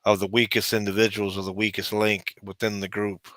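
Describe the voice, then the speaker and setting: Low-voiced man rambling in casual chat. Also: little pitch movement, fairly quick, fairly bright tone, dry recording. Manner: rambling, lots of "you know", restarts.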